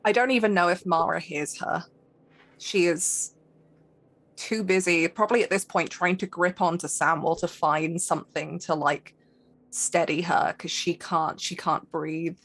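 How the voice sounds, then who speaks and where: A woman describes her character's struggle in a tabletop role-playing game with earnest, vivid detail. Her voice is low, husky and gravelly at the edges. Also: fairly even intonation, unhurried, fairly bright tone. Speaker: player.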